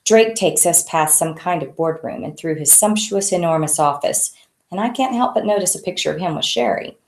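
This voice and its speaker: A woman author reading her own novel aloud in a conversational, unhurried way. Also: fairly low pitch, animated, darkish tone. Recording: echoey room.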